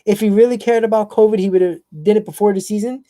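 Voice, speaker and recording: Male live-stream host, mellow tone, opinionated and blunt, casual chat delivery. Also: high-pitched, fairly even intonation, fast talker, no echo. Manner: blunt, opinionated, answers chat viewers by name.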